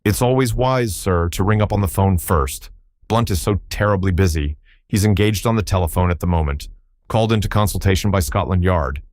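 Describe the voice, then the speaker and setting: A man's voice: deep voice, brisk, a little mellow, no room sound, natural voice. A man voicing a young office boy who is polite, self-important and confiding. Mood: officious.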